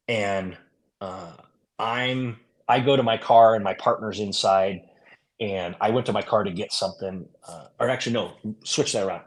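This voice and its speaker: A man, a former police officer, telling stories in a casual, rambling way with many fillers. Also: on the low side. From California. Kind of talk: storytelling in a podcast interview.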